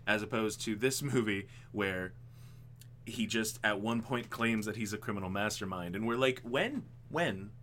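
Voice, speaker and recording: A man co-hosting a casual podcast, talking animatedly about a film adaptation, with frequent ums and quick laughs. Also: fairly low pitch, steady tone, fairly bright tone, slight background noise. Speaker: podcast co-host.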